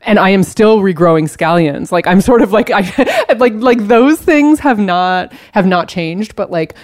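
A woman chatting with a friend, enthusiastic and laughing often as she talks. Her voice sits at a middle pitch. The recording is close and dry. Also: lively intonation, normal speed, darkish tone, no echo. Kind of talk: casual chat.

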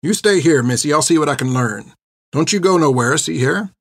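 A gruff, street-wise older wagon driver with a folksy drawl and clipped words, as a male narrator puts him on. His voice sits a touch higher than the narrator's own. The recording is dry and close. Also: lively intonation, fairly quick, dry recording, exaggerated voice. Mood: stern.

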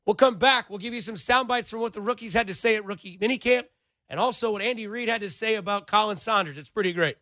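A young man hosting a sports radio show in a studio, talking in an animated, rambling way full of playful comparisons. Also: sits high, fast, no room sound. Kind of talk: casual sports radio banter.

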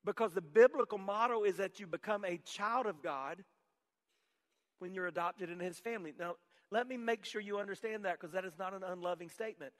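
A male pastor preaching a sermon, dropping to a hush and then rising to shouts, calling on the congregation to repeat his words. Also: sits high, fairly quick, in a large hall. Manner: swings from hushed to shouted emphasis; leads call-and-response with congregation. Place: church sanctuary.

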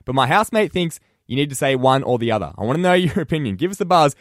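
A man's voice: mid-range voice, big pitch swings, quick pace, dry recording, clean studio sound. A young Australian man hosting a breakfast radio show, chatting casually with lots of fillers and restarts. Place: radio studio.

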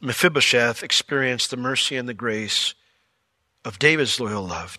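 A man preaching a sermon as pastor, telling the story with jokes and lively asides. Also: mid-range voice, moderate pace, faint music behind. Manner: animated, joking storyteller.

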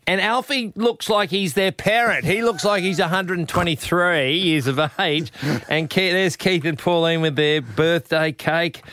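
A man's voice: sits high, unhurried, few pauses, pushed and bright, slight background noise. A man hosting a radio show, chatting casually with crude, rambling anecdotes. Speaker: radio host. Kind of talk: casual banter. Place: radio studio.

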